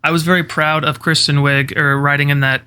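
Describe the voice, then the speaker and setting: A man's voice: fairly high pitch, brisk, smooth. A man co-hosting a podcast, chatting casually and profanely about a movie, acting out lines from scenes. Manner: chatty, profane, quotes scenes with animated impressions. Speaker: podcast co-host. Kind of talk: casual chat.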